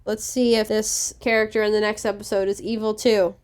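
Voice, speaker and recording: Woman co-host, casual podcast chat, confident and chatty, mid-pitched, voice drops soft at the ends. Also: flat delivery, fairly quick.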